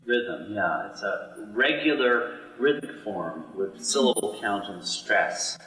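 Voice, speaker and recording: A man with a lowish, bright voice leads a small study group through poetry, unhurried and full of fillers. He is picked up by a boom mic some distance away, so the sound is roomy with a long reverb. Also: lively intonation. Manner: unhurried, explains and reads verse aloud with many fillers. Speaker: study session leader.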